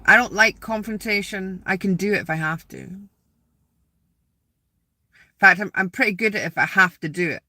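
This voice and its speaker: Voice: mid-range voice, moderate pace, pauses often, pushed and bright, no echo. A spiritual vlogger sitting outdoors in a graveyard, rambling casually to viewers, repeating words and asking them questions.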